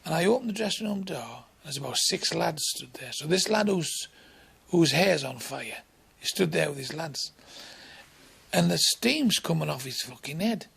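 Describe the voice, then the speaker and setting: A man's voice: a little high, lively intonation, moderate pace, vocal fry, a bit bright, breathy edge. A man in his sixties with a Northern English accent, a comedian telling a bawdy, sweary anecdote and acting out the other people's lines. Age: 60s. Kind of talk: anecdotal storytelling.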